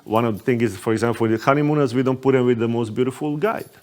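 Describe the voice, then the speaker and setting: Man telling a lively travel story. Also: mid-range voice, very fast, a loud crowd. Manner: animated anecdote telling with fillers. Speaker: tour company owner, panelist. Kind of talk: panel discussion storytelling.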